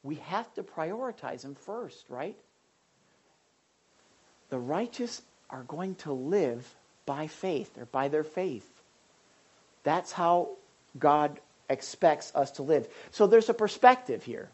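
Husky-voiced woman preaching conversationally. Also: deep voice, animated, slow, long pauses. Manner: asks the audience questions, frequent restarts. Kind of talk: conversational sermon.

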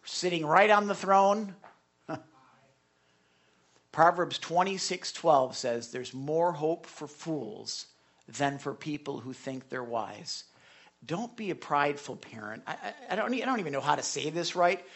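A man preaching a conversational sermon as pastor, stumbling over repeated words and swinging between hushed whispers and loud bursts. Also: a little high, expressive, a little slow.

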